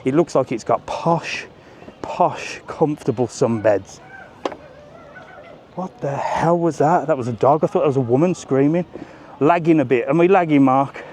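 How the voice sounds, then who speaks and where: A man with a voice on the high side and a darkish tone keeps a moderate pace as he live-streams a seafront walking tour at a busy resort. The chat is relaxed and jokey, peppered with the odd swear word, and faint traffic can be heard outdoors.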